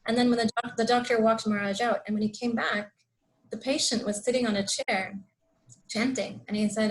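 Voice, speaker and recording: A woman's voice: mid-range voice, steady tone, brisk, low-quality recording. A woman giving a devotional talk in an online program on a video call, telling a story with many fillers and acting out the quotes. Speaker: speaker.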